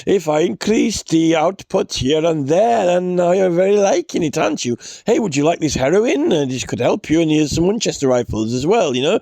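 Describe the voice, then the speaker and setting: A man voicing a megalomaniac older tycoon in a slow, hushed, mock-soothing voice. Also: on the high side, very animated, gravelly, no room sound, exaggerated voice. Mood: scheming. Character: scheming older male global tycoon, megalomaniac.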